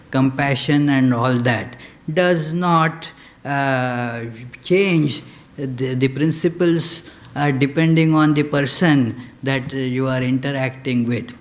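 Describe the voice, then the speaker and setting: Slow, halting male spiritual lecturer. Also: fairly high pitch. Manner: slow, halting delivery with frequent "uh" fillers; lapses into chanted Sanskrit verse. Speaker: swami giving a lecture.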